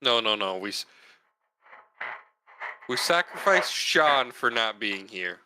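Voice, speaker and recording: A man's voice: medium pitch, very animated, slow pace, noisy background. A man playing in a tabletop game, chatting casually in a teasing, joking way. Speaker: player.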